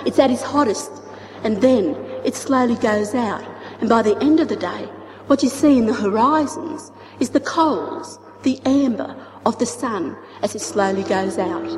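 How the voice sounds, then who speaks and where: A woman telling a traditional story in an expressive, rhythmic style with repeated phrases. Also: fairly high pitch. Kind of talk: oral storytelling. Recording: echoey hall with music behind.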